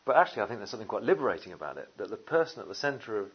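A man preaching a sermon, lively and conversational, with jokey asides and many fillers. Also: fairly low pitch, rapid-fire, breathy edge, muffled recording. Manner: animated, jokey asides, frequent "uh" and "you know".

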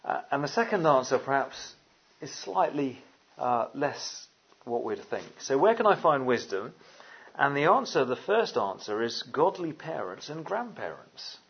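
Preacher, chatty sermon, lots of uhs, lively pitch, kinda husky. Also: male voice, measured pace, muffled recording. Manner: earnest, conversational, with frequent uhs.

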